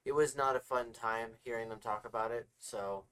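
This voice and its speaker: A man's voice: mid-range voice, steady tone, normal speed, sharp tone, smooth. A man co-hosting a casual podcast who tells rambling stories full of fillers and restarts. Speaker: podcast co-host.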